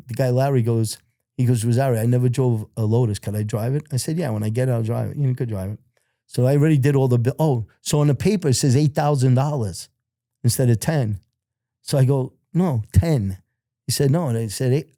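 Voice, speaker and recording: An older man rambles through a story, swearing freely and slipping into the voices of the people he quotes. His voice is very dark and mellow. The sound is dry and close. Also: medium pitch, dry recording. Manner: profane, rambling, acts out quotes. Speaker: podcast guest. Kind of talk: casual storytelling.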